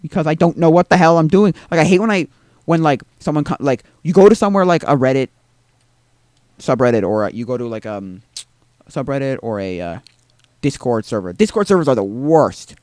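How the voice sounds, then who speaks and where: A man talks through a live game stream, his voice dry and close with no room around it. He rambles, quizzes himself with little tag questions and slides into exasperated rants, his pitch swinging up and down all the while. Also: lively intonation, fairly quick, a little mellow, no echo. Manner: exasperated ranting. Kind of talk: live gameplay commentary.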